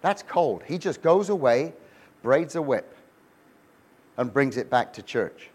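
A pastor with a husky, medium-pitched voice speaks slowly and expressively. His humorous sermon mixes storytelling, jokes and rhetorical questions, with many restarts along the way.

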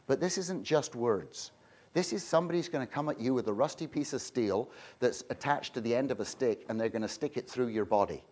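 A man preaching a sermon in a lively, conversational way, often repeating himself and laughing as he talks. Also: mid-range voice, a little fast. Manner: animated, conversational preaching with frequent repetitions and laughs. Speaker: pastor.

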